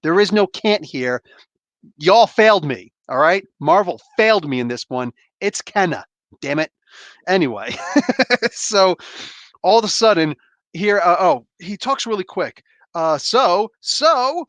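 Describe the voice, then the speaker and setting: Excited man reviewing comics, dry sound. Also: fairly high pitch, measured pace, no echo. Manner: enthusiastic, rambling, slangy. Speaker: comic book reviewer host. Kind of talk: casual spoiler review.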